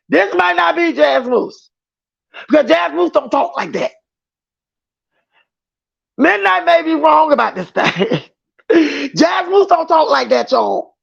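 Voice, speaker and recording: A man's voice: very high-pitched, creaky, fairly bright tone. A man hosting a livestream, chatting emphatically with his viewers and reading their comments aloud. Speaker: livestream host. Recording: dull lo-fi stream audio.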